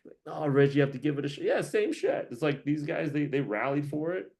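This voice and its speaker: A man's voice: a little high, big pitch swings, fairly quick, gravelly, darkish tone. A man hosting a casual career-coaching monologue, rambling, joking and laughing often.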